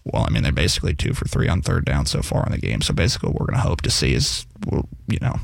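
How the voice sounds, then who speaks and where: A man putting on the voice of a flat, plodding male football coach. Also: rumbling low, fast, vocal fry, no echo, studio quality, pitched below the performer's own voice, heavily acted. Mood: droning.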